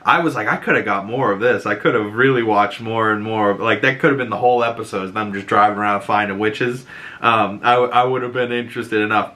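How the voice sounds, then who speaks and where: A young man with a Boston accent casually recapping a TV episode, animated and laughing often, acting out quotes in higher voices. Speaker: show reviewer.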